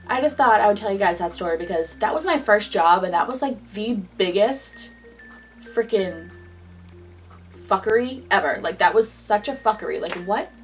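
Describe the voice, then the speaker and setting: A young woman vlogger telling a first-job story in casual, animated chat, with lots of "like" between phrases. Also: mid-range voice, far from the mic. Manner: chatty and animated, heavy on "like".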